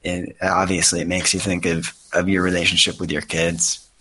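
A man in his thirties chatting earnestly and emotionally, with halting restarts, about a book he loves. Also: sits low, flat delivery, sharp tone, a little hiss or hum. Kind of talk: casual chat and reading aloud from a novel.

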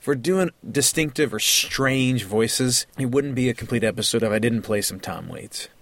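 A man's voice: mid-range voice, moderate pace, fairly bright tone, no echo. A man hosting a music podcast, talking in an enthusiastic, chatty way with many fillers. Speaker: podcast host. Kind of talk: casual chat about music.

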